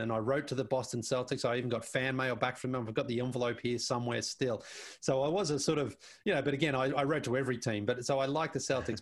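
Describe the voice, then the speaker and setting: A man, a guest who is a basketball show panelist, chatting casually in an interview and telling animated stories full of restarts and repeated words. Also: medium pitch, vocal fry.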